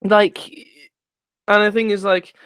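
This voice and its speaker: Rambling podcast co-host. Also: male voice, high-pitched, flat delivery, slow pace, a bit bright, clean tone, dry recording. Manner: rambling, searching for words, with many restarts. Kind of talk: casual political chat.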